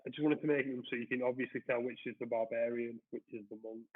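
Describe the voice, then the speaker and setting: A man speaking as a guest in a casual interview, relaxed and hesitant, pausing often to search for words. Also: mid-range voice. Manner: relaxed, hesitant, many fillers. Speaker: comic artist guest. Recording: tinny call-in line.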